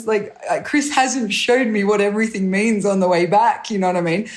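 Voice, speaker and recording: A woman guest, a rally co-driver, telling stories in a chatty, animated way, acting out the voices of people she quotes and laughing often. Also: medium pitch, fairly quick, hardly any pauses. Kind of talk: animated anecdotal storytelling.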